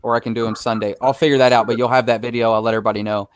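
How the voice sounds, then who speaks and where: Man, casual stream chat, lively storyteller, dry close sound. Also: medium pitch, very fast, smooth, no room sound. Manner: animated storyteller, acts out quoted voices. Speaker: guest presenting a challenge video.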